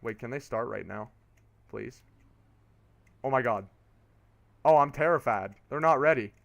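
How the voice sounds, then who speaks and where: A young man streaming a racing game, giving casual play-by-play commentary that turns excitable on restarts. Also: mid-range voice, normal speed, gravelly. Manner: excitable, rises to shouting on restarts.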